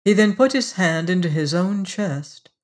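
A measured audiobook narrator who takes the story at a slow, unhurried pace. The pitch sits in an ordinary middle range, and the delivery stays even and deliberate. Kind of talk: audiobook reading.

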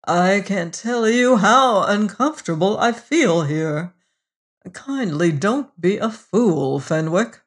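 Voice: medium pitch, animated, slow pace. An audiobook narrator voicing a petulant, scheming devil who speaks in a fussy, pettish and mocking manner. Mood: pettish, sly. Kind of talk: audiobook reading.

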